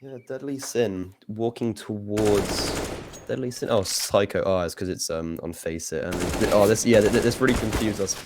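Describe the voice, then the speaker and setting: A man's voice: lowish voice, normal speed, noisy background. A young man giving easygoing color commentary on a live esports match, with hesitant restarts and frequent laughs. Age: young adult.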